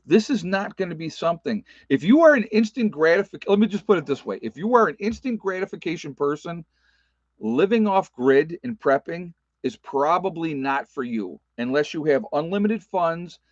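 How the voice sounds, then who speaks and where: His fairly high voice has a sing-song lilt and a moderate pace as he chats informally with his audience and reads live comments. A folksy, emphatic prepper vlogger at his off-grid rural homestead, he repeats himself often and leans on fillers. Lo-fi sound, no room sound.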